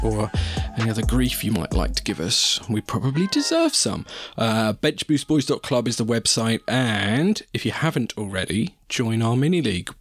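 Chatty male podcast co-host. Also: medium pitch. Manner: chatty, reads out admin with fillers. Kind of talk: casual podcast chat.

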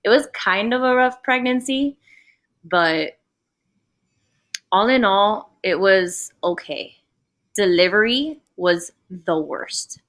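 A young woman, a podcast guest, telling a personal story in casual chat, blunt and animated, full of "like" and acted-out quotes. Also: mid-range voice, takes it slowly, long pauses. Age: young adult. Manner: blunt, animated storytelling, fillers of 'like', acts out quoted voices.

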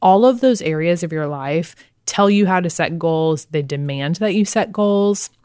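Young woman, podcast co-host, lower voice, dry close sound, chatty and upbeat. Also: measured pace, warm tone, smooth, no room sound. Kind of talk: casual chat.

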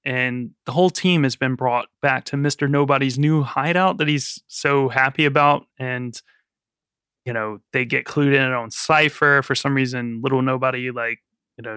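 A man's voice: mid-range voice, steady tone, moderate pace, bright, forceful tone, clear, resonant tone, no room sound, studio quality. A man casually recapping a movie plot as a podcast co-host, swearing freely and laughing often. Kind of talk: casual film recap chat.

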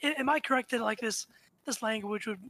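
A woman playing a tabletop game, speaking quietly and asking questions. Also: fairly high pitch, brisk, dry recording, poor audio. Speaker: player. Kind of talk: casual tabletop play.

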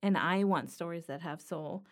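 A woman hosting a podcast, talking earnestly and reflectively in a solo monologue about writing from the heart. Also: on the low side. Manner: earnest, reflective, slow and thoughtful. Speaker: podcast host.

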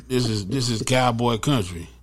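A man's voice: medium pitch, unhurried. A man co-hosting a sports podcast as its producer, trading laid-back, slangy banter. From Texas. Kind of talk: casual sports podcast chat.

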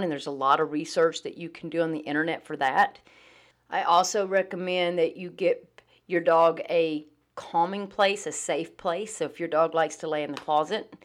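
A woman hosting a dog-training podcast, talking in a relaxed, chatty way with many ums and uhs. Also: fairly low pitch. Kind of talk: casual podcast talk.

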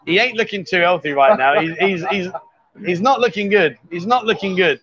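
A man's voice: high-pitched, moderate pace, a bit bright. A man hosting a casual livestream from a bar, teasing his guests with jokey banter. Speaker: livestream host. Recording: dull lo-fi livestream audio.

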